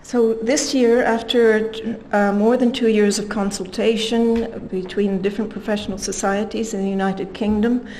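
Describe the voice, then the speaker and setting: A woman giving a scientific conference talk at a measured pace, reading quotes aloud with emphasis. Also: mid-range voice, fairly even intonation, a little mellow, slight background noise, rough recording. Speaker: conference speaker.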